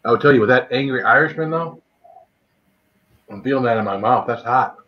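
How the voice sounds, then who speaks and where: In dull, lo-fi stream audio, a man with a medium-pitched voice speaks at a moderate pace, chatting as he tastes spicy food and greeting viewers by name while he eats on a casual livestream.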